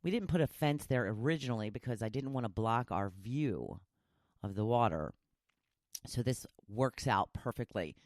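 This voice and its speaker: A woman's voice: rumbling low, animated, moderate pace, darkish tone, no echo, clean studio sound. Bubbly, chatty woman host. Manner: chatty and bubbly, often laughing. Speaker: podcast host. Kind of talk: casual chat with listeners.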